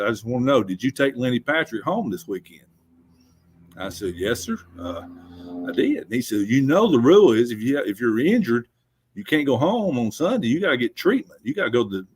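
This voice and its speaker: A man, telling a rambling, folksy story as a guest. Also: mid-range voice. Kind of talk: casual storytelling.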